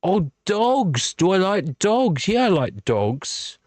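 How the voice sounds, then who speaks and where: A man putting on a mumbling Irish traveller's accent, slow and raised in pitch. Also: very animated, darkish tone, dry recording, heavily acted. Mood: playful. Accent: Irish traveller, put on. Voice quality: mumbled, slurred words.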